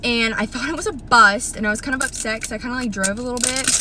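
Young woman vlogger, higher voice, bursts into excited squeals, cusses casually. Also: fast talker, hardly any pauses, very noisy. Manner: excitable, swears a lot, squeals and shrieks. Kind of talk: casual vlog chat. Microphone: phone camera.

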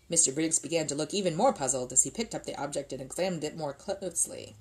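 A woman reading a children's book aloud in an expressive, lilting way. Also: low-pitched, fast, poor audio. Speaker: reader.

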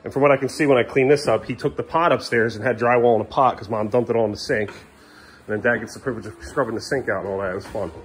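A tired father chatting casually with his young kids in the kitchen of the family home, weary and exasperated, sometimes raising his voice and often trailing off low and mumbly. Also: steady tone, fast, slight background noise. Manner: raises his voice at a defiant child.

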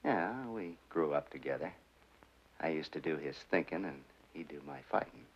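A man's voice: extremely low pitch, lively intonation, normal speed, husky, full character voice. An actor playing a nervous small-time gangster who talks in defensive tough-guy slang, in 1940s film style. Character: jittery small-time male gangster, boastful then panicky. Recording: muffled 1940s film soundtrack with faint score.

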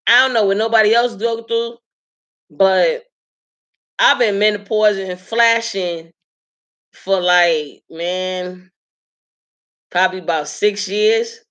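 A woman in her late forties talks straight to her audience in a casual, animated chat, leaning hard on her points and breaking into laughter often. Her voice is bright and sharp-edged, at a middling pitch. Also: takes it slowly, long pauses, muffled recording. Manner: laughs often while telling stories. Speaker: live stream host.

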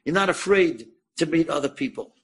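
A man, a rabbi, telling an inspirational story to an audience, acting out the dialogue with big jumps in pitch and asking his listeners questions. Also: fairly quick. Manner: animated, acts out quoted dialogue with sudden high pitch jumps; asks the audience direct questions.

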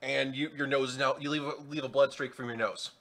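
A man narrating a tabletop game as game master, in a lively, stumbling way. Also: mid-range voice, fairly quick, gravelly.

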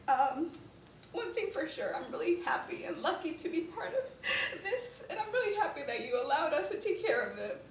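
A woman's voice: very high voice, sing-song, moderate pace. A woman who directs resident services at a senior community gives a eulogy at a memorial service. She is emotional, laughs through tears and keeps apologizing. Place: church sanctuary. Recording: echoey church from far off, faint hiss.

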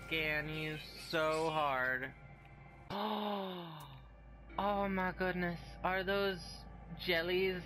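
A man's voice: high voice, fairly even intonation, extremely slow, pushed and bright, soft background music. A man giving casual, playful commentary while playing a game and chatting to the creatures on screen. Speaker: gaming video host.

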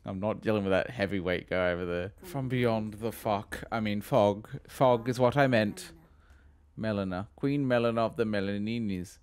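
A young man giving profane, excitable let's play commentary, laughing and mocking as he plays. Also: fairly low pitch, normal speed, smooth. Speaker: gaming video host.

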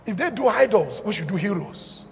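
A man's voice: high-pitched, fairly quick, creaky, slight background noise. A middle-aged man preaching a sermon, joking and acting out little dialogues as he goes. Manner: animated, jokey, shouts and acts out dialogue. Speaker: pastor. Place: large church hall. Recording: hall reverb with faint ambience.

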